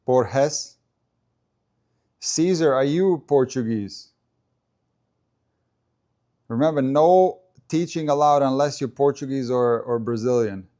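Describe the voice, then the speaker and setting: A man hosts a casual live stream about a tennis match, stopping to answer viewers and practice saying names. His mellow, mid-range voice moves unhurriedly, with long pauses.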